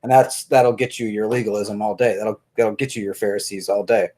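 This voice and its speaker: A man's voice: fairly low pitch, steady tone, a little fast, mellow. A man appearing as a guest, reflectively discussing his faith and repeating words as he searches for them.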